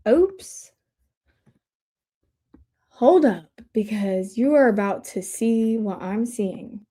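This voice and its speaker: A woman from Indiana hosting a casual livestream, bubbly and excitable, chatting straight to her viewers. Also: medium pitch, slow pace. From Indiana, USA. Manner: bubbly, excitable, talks to chat. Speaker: livestream host.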